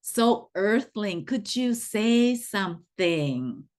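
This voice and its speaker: A woman voicing an excited, curious extraterrestrial meeting humans, with a high eager gushing voice. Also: very slow.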